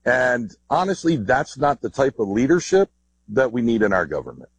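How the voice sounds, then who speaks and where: A military veteran speaking in an interview clip, blunt and defiant. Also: male voice, mid-range voice, big pitch swings, normal speed, slightly rough, low-quality recording.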